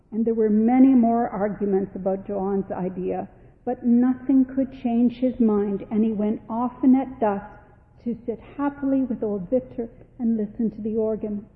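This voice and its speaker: A woman reading a storybook aloud in a calm, measured way. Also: a little high. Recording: tinny, echoey long reverb.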